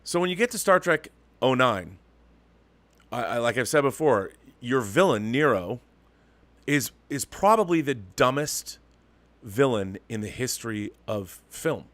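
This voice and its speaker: Male host, mid-pitched, emphatic ranting commentary, dry close-miked sound. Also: expressive, a little slow, a bit bright, no echo. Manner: emphatic, ranting, with frequent restarts. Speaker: show host. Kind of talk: opinionated commentary monologue.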